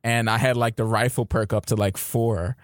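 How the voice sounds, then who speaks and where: A man's voice: medium pitch, steady tone, normal speed, no echo, clean studio sound. A man co-hosting a casual games podcast, giggly and hesitant, often exclaiming. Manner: giggly, hesitant, says oh my gosh. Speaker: podcast co-host. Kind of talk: casual chat about games.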